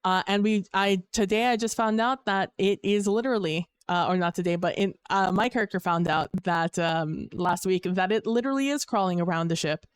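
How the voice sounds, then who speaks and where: Chatty young woman streamer, smooth voice. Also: mid-range voice, brisk, few pauses, dry recording. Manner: rambling, upbeat, full of fillers and restarts. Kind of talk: casual live-stream chat.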